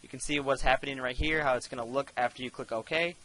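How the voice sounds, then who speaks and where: Young male teacher, bright voice, casual step-by-step screencast delivery. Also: mid-range voice, steady tone, quick pace, poor audio. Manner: casual step-by-step instruction, addresses students directly. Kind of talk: screencast software tutorial.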